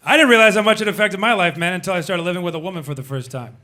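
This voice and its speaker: A man doing stand-up comedy on a club stage in an animated, punchy delivery. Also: high-pitched, racing. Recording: live club recording, audience noise.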